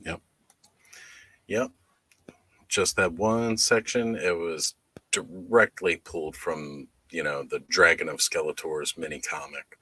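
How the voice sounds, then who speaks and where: A very deep, husky-voiced man speaks casually as co-host. His tone is bright and forward, and the sound is dry and close. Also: takes it slowly, no room sound. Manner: relaxed, matter-of-fact explaining. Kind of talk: casual chat.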